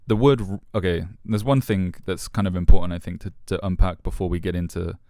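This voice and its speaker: A man co-hosting a podcast, talking through a philosophy book in a thoughtful, halting way with many fillers. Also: sits low, fairly even intonation, warm tone, no room sound, studio quality. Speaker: podcast co-host. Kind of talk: casual book discussion.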